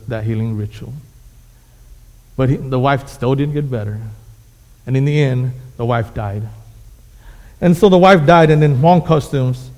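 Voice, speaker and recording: A man's voice: medium pitch, darkish tone. A man preaching a sermon, telling a fable with emphatic, repetitive phrasing. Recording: echoey hall.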